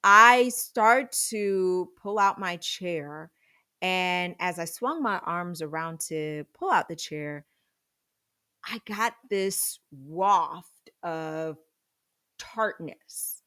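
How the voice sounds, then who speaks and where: Woman in her 30s spinning a funny story, slow and drawn out, gets real dramatic and loud at times. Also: on the low side, clear, resonant tone. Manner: dramatic, animated retelling with sudden loud outbursts. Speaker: podcast storyteller. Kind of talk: comedic personal storytelling.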